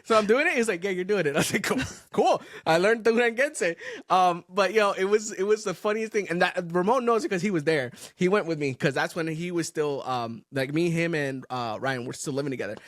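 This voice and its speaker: Animated, profane podcast man, dry sound. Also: sits high, a little fast, few pauses, dry recording. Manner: animated storytelling, profane, laughs often. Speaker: podcast co-host. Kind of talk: casual chat.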